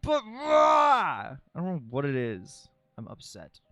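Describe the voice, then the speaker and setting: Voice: medium pitch, very animated, moderate pace, darkish tone, no room sound, soft background music. A live streamer chatting casually while drawing, dramatic and self-critical, who swears freely.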